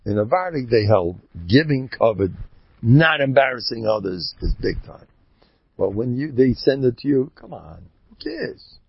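A gravelly, husky-voiced man gives an informal religious talk, his pitch leaping all over as he rambles and mimics the people he talks about. It sounds like a dull, lo-fi recording. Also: lively intonation, normal speed, no room sound.

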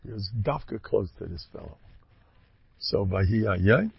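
A man giving a storytelling sermon, talking in an animated way with sudden loud, emphatic rises. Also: lowish voice, unhurried, vocal fry, breathy edge, dry recording. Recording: dull lo-fi dry recording.

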